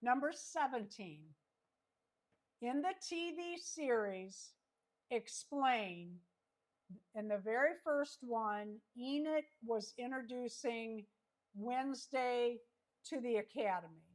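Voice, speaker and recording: A woman hosting a livestream trivia chat, reading each question slowly and repeating it. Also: fairly high pitch, animated. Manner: slow, reads questions twice. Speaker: host.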